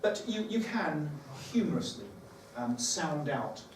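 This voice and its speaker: A man's voice: fairly high pitch, very animated, measured pace. A man leading a teacher training session, talking conversationally and thinking aloud with fillers. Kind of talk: workshop talk to teachers. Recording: echoey room, far from the mic, background noise.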